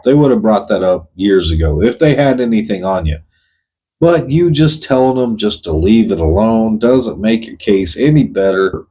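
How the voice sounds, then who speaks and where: A man's voice: fairly low pitch, darkish tone, rough recording. A man hosting his own show, venting in a blunt, profane monologue and firing pointed questions straight at the person he is addressing. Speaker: host. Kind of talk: ranting monologue.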